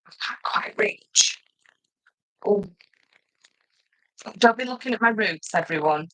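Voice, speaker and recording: A middle-aged woman, chatting loudly and laughing often as she presents paper crafts on a live stream. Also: medium pitch, expressive, slow pace, no room sound, rough recording. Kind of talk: casual live stream chat.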